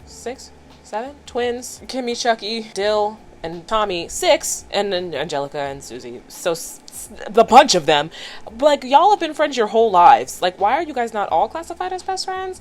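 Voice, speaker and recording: A woman vlogger casually recapping a cartoon episode with chatty, playful commentary. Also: fairly high pitch.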